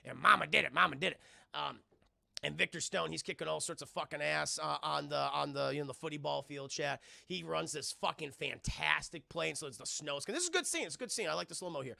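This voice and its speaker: A man's voice: a little high, a little fast, gravelly, bright, forceful tone, no echo. A man streaming a casual film recap, rambling and swearing as he keeps talking to his chat. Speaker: film reviewer streaming live.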